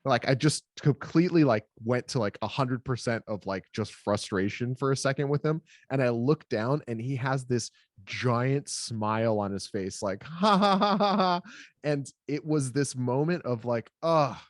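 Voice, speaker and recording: A man's voice: mid-range voice, moderate pace, no echo, clean studio sound. A man talking in a casual podcast conversation, a new father telling a story at a rambling pace with many filler words.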